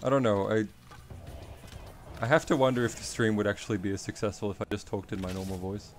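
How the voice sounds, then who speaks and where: A man's voice: lowish voice, quick pace, faint music behind. A man from Australia chatting casually on his stream, rambling and wry, swearing now and then.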